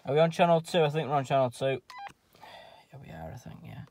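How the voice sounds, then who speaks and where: A man's voice: a little high, quick pace, noisy background. A man filming himself outdoors on a wooded hill, chatting casually over a handheld radio in slang and radio jargon. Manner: slangy, uses radio jargon, talks loudly when keying up. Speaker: radio hobbyist vlogger. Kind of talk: casual radio chat with commentary. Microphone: handheld radio and camera mic.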